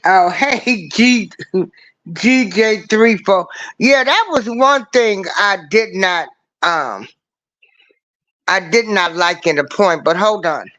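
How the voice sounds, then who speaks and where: A man's voice: high voice, expressive, slow pace, sharp tone. A man hosting a casual livestream show, talking earnestly and in a preachy way, repeating his points as he speaks into a computer mic.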